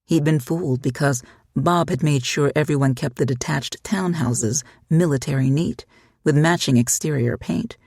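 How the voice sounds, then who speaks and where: A husky-voiced narrator reading a story aloud in a steady, measured way. The sound is dry and close, with no room around it. The pitch sits in the middle range. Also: dry recording. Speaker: audiobook narrator. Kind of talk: scripted narration.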